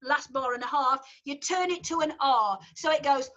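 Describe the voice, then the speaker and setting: A woman's voice: sits high, moderate pace, fairly bright tone, muffled recording. A woman with a Yorkshire accent, a choir leader explaining a song to her singers in a chatty, encouraging way. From Yorkshire, England. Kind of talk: online rehearsal instruction.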